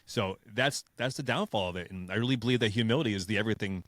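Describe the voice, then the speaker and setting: A man speaks rapidly and earnestly about fireground lessons and swears when retelling tense moments. His voice is low and sounds dry and close. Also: a bit bright, dry recording. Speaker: firefighter, podcast host. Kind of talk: casual chat.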